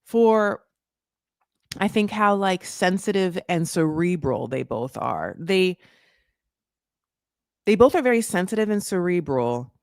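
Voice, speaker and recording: A woman's voice: fairly low pitch, very animated, takes it slowly, long pauses, no echo, clean studio sound. A woman hosting a casual reality-show recap, gossipy and sarcastic, swearing and filling her talk with "like".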